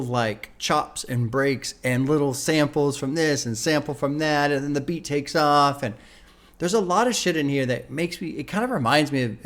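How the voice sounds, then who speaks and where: A man hosting a music reaction, talking casually and thinking out loud with restarts and trailing phrases, swearing now and then. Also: fairly high pitch. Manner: laid-back, swears casually. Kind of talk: casual first-listen commentary.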